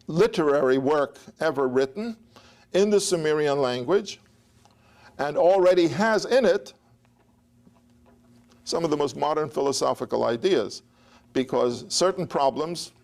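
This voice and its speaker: Gravelly-voiced male history lecturer. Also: a little high, darkish tone. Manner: digressive, anecdotal, with chuckles and restarts. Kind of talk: academic lecture.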